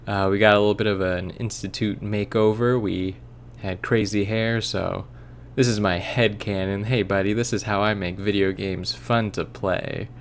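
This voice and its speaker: Low, gravelly man joking through a game. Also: steady tone, normal speed, slight background noise. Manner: rambling, joking, profane, puts on silly voices. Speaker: let's play host. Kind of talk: casual gameplay commentary.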